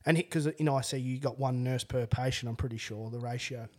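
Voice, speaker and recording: A man's voice: medium pitch, fairly even intonation, quick pace. A young Australian man in a podcast interview, telling a long story in casual chat, rambling with restarts and swearing freely. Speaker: podcast guest.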